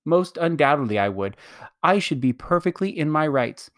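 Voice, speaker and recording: Pompous aggrieved old gent, pitched up, dry close sound, voiced by a man reader. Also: lively intonation, normal speed, no echo, lightly acted. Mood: indignant. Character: pompous indignant old gentleman, fussy.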